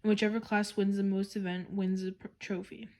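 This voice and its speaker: A woman's voice: mid-range voice, level tone, brisk, a little mellow, natural voice. A woman voicing a teasing young girl, a mocking big sister in a children's storybook reading. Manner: teasing, giggly. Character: first-grade girl, teasing older sister.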